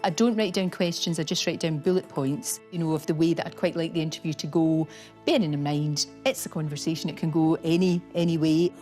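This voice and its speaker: A middle-aged Glaswegian woman with a slightly low voice tells stories from her television career in a chatty, anecdotal way. Soft music plays underneath her. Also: fairly even intonation, a little fast. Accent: Glasgow Scottish. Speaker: TV presenter. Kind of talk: documentary interview.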